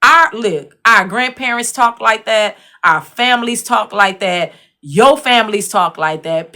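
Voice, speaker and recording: A woman's voice: mid-range voice, pushed and bright. A woman hosting an online show, giving casual opinion commentary with emphatic repetition and frequent check-ins with her listeners. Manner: conversational, repeatedly checks in with the listener; emphatic, repeats phrases for stress.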